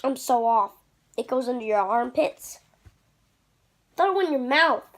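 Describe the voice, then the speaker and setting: A man's voice: extremely high pitch, expressive, a little slow, a bit bright, a little hiss or hum, pitched below the performer's own voice, exaggerated voice. A man doing a whiny puppet dad. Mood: silly. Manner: whiny and complaining. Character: whiny, smelly puppet father, self-pitying. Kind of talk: homemade puppet comedy.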